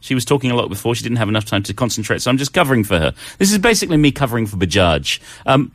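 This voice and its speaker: A man's voice: mid-range voice, very animated, very fast, a bit bright, no echo. A man co-hosting a casual language show, talking in a chatty, teasing and playfully self-deprecating way. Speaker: co-host.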